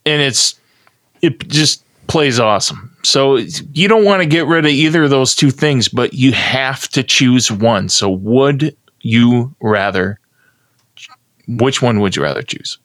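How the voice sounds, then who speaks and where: A man's voice: medium pitch, lively intonation, unhurried, fairly bright tone, dry recording, clean studio sound. A man co-hosting a podcast, introducing a game segment in a mock announcer tone and explaining it unhurriedly. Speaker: podcast co-host.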